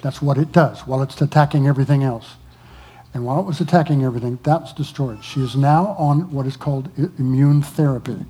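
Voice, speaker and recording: A pastor speaking to his congregation, exhorting people not to go through hard times alone and pausing often with fillers. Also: a little high, mellow, slightly rough. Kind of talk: testimony to a church congregation.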